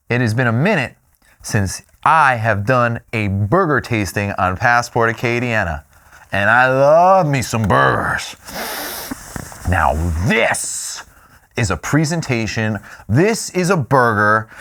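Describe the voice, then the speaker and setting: A man tastes dishes on camera and reacts with playful, excitable enthusiasm. His voice is animated and lively, swinging widely in pitch, and he hums with delight between bites. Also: measured pace, pauses often, a little hiss or hum. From Louisiana, US. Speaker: food show host. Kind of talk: food tasting vlog.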